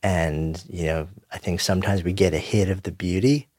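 A man hosting an interview, asking questions and reflecting in a measured, thoughtful way. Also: low-pitched, fairly even intonation, a little mellow, no room sound, clean studio sound. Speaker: host.

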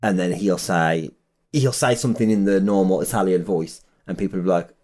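A man co-hosting a podcast, relaxed and chatty, often laughing and restarting his sentences. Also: sits low, fairly quick. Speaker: podcast co-host. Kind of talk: casual chat.

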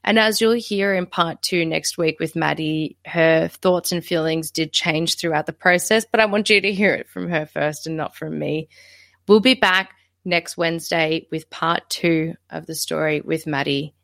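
Low-voiced woman hosting a podcast. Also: moderate pace, creaky, fairly bright tone, dry recording, studio quality. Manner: direct address to listeners, promotional. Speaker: podcast host. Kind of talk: scripted episode outro.

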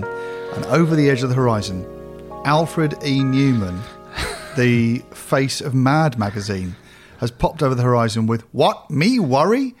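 A man hosting a podcast, reflecting aloud in a thoughtful, analytical way. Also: mid-range voice. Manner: thoughtful, analytical, builds ideas aloud with small restarts. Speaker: podcast host. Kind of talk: conversational podcast discussion.

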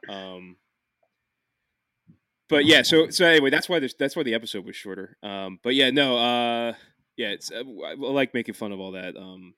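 A man's voice: lowish voice, brisk, bright, forceful tone, clear, resonant tone, dry recording, clean studio sound. Rambling man. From Philadelphia, USA. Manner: rambling, swears freely, many restarts. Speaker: podcast host. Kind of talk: casual podcast chat.

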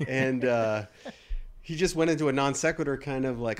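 A man co-hosting a podcast, telling an anecdote in animated casual chat and mimicking the people in it. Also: mid-range voice, brisk. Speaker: podcast co-host. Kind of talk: casual storytelling.

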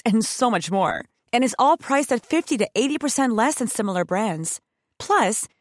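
A woman's voice: on the high side, no room sound, clean studio sound. A woman giving a polished, upbeat scripted ad read. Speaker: ad reader.

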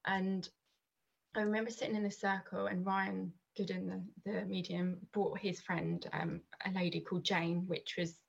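Husky woman in her thirties. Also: fairly low pitch, level tone, normal speed, muffled recording. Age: 30s. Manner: rambling, many restarts and fillers. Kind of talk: casual podcast chat.

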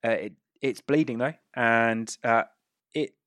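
A man acting as game master at a tabletop session, narrating bloody fights with obvious relish. His voice sits at a middle pitch and sounds dry and close, with no room around it. He pads his lines with fillers and laughs along with the table. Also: a little slow, fairly bright tone, dry recording. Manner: gleeful, gory narration with frequent fillers and laughs.

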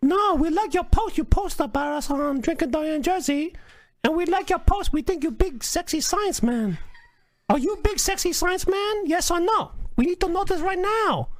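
Guy doing a squeaky flirty lady voice, broken english, pushy, dry close sound. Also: animated, normal speed, dry recording. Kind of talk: prank call.

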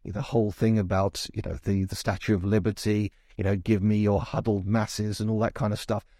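A man's voice: lowish voice, level tone, brisk, dark tone, dry recording. Man, from England, film reviewer, casual chat, asides and restarts, dry close mic. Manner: chatty, restarts often, explains with asides.

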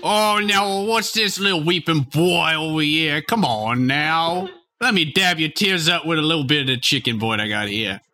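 A big, swaggering Louisiana gentleman librarian, put on by a man, drawing out his words with a folksy, self-important drawl and a Louisiana accent. The voice rings bright and a little tense, with pitch pushed up. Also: moderate pace. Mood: coaxing. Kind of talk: improvised comedy role.

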